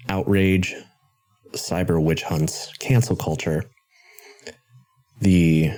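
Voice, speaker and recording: A man hosting a podcast about video games, ranting in an animated, sarcastic way. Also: sits low. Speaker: podcast host. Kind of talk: casual game-commentary podcast.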